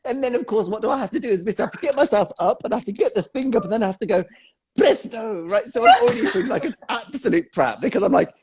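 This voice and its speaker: Animated man telling a story. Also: extremely high pitch, rapid-fire, vocal fry, hardly any pauses, a crowd in the background, rough recording. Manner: animated storyteller, filler-heavy. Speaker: guest, choreographer. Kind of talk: casual chat, telling a funny anecdote.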